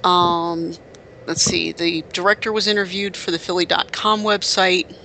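With a high, steady voice, moderate pace, vocal fry and a sharp edge, this man co-hosts a casual podcast over a little hiss or hum. He's a rambling storyteller in casual chat, full of fillers, restarts and self-corrections.

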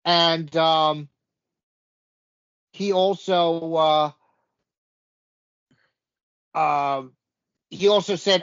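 A man's voice: on the high side, fairly even intonation, extremely slow, pauses often, a bit bright, smooth. A man co-hosting a casual wrestling chat, recapping events in a rambling way with lots of fillers. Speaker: podcast co-host. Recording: dull lo-fi audio.

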